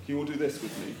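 A man's voice: on the high side, slight background noise. A man telling a comic story at a live show, theatrical and wry, turning to the audience for asides. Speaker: comedian storyteller. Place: live comedy venue. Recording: echoey room at a live show.

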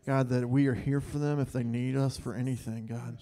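A man's voice: medium pitch, flat delivery, fairly quick, warm tone. A man leading an earnest spontaneous prayer in church, saying God between phrases, with hesitant ums. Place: church sanctuary.

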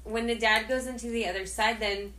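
Excitable young woman, bright, roomy. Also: on the high side, brisk. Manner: excitable, easily spooked. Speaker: podcast co-host. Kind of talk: casual chat. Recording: roomy echo.

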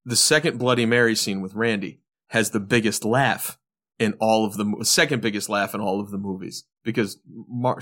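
A man's voice: lowish voice, fairly bright tone. A man co-hosting a podcast, going through his points about a horror film scene he loves. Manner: counts off his points, enthusiastic. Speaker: podcast co-host. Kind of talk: casual film review chat.

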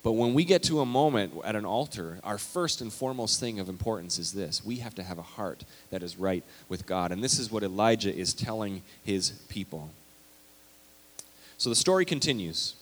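A male pastor preaching a sermon, animated and emphatic, reading scripture aloud with big swings in loudness. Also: fairly low pitch, moderate pace. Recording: long hall reverb.

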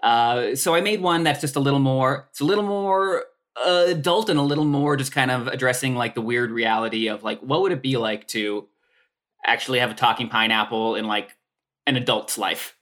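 A Canadian man who is a comedian talks in a casual, rambling way, with lots of "um" and "like". His voice sounds bright and clear at an ordinary pitch. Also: moderate pace. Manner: rambling, filler-heavy, self-deprecating. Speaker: comedian guest. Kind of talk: casual podcast chat.

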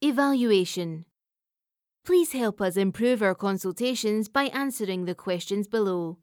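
A woman reading a government survey aloud in a measured, even way. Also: medium pitch, dry recording, studio quality. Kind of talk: scripted narration.

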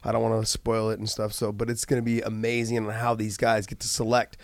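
A man co-hosting a podcast in casual chat, laid-back and rambling, clearing his throat often. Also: on the low side, completely flat delivery, fast talker, dry recording. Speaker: podcast co-host.

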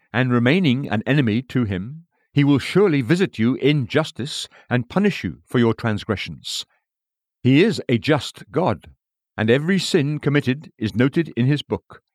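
A man's voice: mid-range voice, dry recording, clean studio sound. A man reading an old-fashioned sermon aloud in an earnest, pleading manner. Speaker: preacher. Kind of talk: read sermon.

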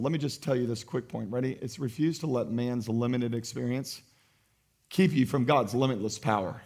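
A male pastor preaching a sermon with passion, swinging between loud exhortation and hushed emphasis. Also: medium pitch, fairly quick, slightly rough.

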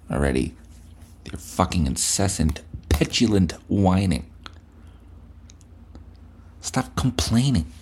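A man's voice: on the low side, dark tone, husky. A male podcast host delivering a blunt, profane, scolding rant at the listener. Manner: blunt, scolding, heavy swearing.

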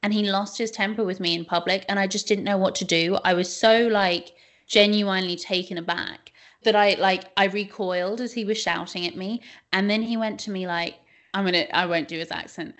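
A young woman co-hosting a podcast, telling stories in a chatty, animated way with many fillers. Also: mid-range voice, brisk. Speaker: podcast co-host. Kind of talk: casual chat.

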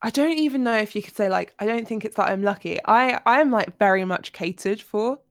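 A woman's voice: mid-range voice, brisk, no room sound, clean studio sound. A woman in her twenties co-hosting a podcast, chatting casually about books with frequent fillers and restarts. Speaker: podcast co-host. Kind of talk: casual book-club chat.

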